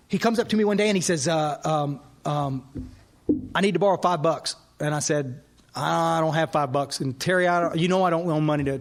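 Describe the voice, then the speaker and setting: Man speaking at a recovery workshop, lively storyteller who voices the people in his story, slightly high voice. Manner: animated storyteller, acts out dialogue. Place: workshop hall.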